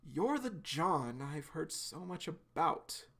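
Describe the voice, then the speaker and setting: A man's voice: on the high side, sing-song, takes it slowly, fairly bright tone, full character voice. A man reading as a cool, composed young woman.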